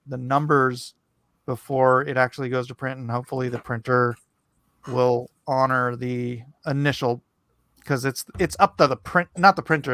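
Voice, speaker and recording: A man's voice: medium pitch, vocal fry, a bit bright, no echo. A man hosting a livestream in casual chat, talking in a rambling, loose way with frequent restarts. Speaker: livestream host and comic artist.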